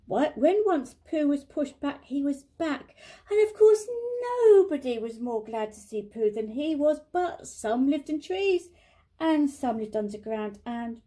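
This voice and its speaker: Older woman slowly reading a storybook. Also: high-pitched, warm tone.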